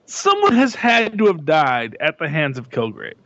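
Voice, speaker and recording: Lively man with a gravelly voice. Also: on the high side, moderate pace, dry recording. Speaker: podcast co-host. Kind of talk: casual comic review chat. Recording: dry, dull lo-fi mic.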